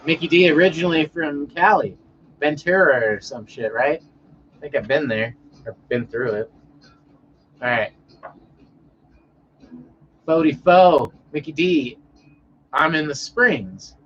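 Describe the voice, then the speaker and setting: A man's voice: on the high side, unhurried, long pauses, a bit bright, muffled recording, slight background noise. A man from Denver hosting a casual livestream, rambling in a laid-back way and answering viewers in chat by name. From Denver, Colorado. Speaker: livestream host reading chat. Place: home, indoors.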